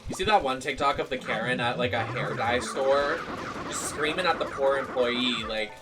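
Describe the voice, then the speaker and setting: A young adult streamer chats through a live game session in a sassy, animated way, swearing often. The voice sits mid-range in pitch. Game music plays clearly underneath. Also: moderate pace. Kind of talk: live gameplay commentary.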